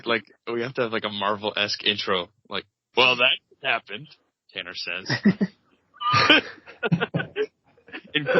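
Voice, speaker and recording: A man co-hosting a podcast, narrating an improvised comedic table read in a rambling, halting way. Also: medium pitch, dry recording. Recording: dull, lo-fi, dry podcast mic.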